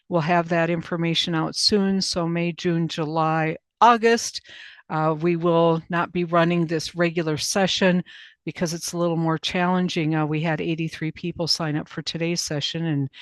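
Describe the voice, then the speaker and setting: A man hosting a video-call webinar, reading out upcoming events in a halting way, full of pauses and fillers. His voice is smooth and clear, and the sound is dry and close, with no room behind it. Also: fairly high pitch, no room sound. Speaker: webinar host. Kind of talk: casual webinar announcements.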